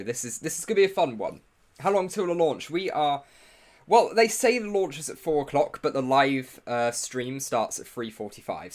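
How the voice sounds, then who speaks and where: Young guy streaming live, chatty, greets chat, jokes about his own setup, mid pitch. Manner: chatty, greets chat viewers, self-mocking asides. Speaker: livestream host.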